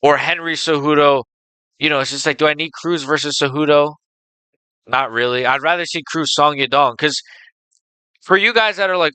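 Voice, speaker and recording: A young man hosting a casual reaction commentary, animated and ranting, swearing freely as he talks. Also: fairly high pitch, moderate pace, smooth, no echo, poor audio. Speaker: MMA reaction channel host.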